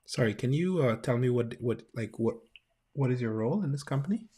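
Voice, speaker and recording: A man talks through a live coding session at an ordinary pitch, thinking aloud and often restarting mid-sentence. His speech is casual and unscripted, broken up by quick exclamations. Clicking is heard in the background. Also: expressive, warm tone. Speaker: developer livestreaming.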